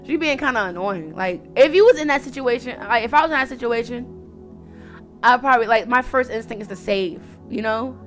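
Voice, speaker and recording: Chatty young woman streamer, high voice. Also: fairly quick, soft background music. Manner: chatty, rambling, reacting aloud. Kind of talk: casual game commentary.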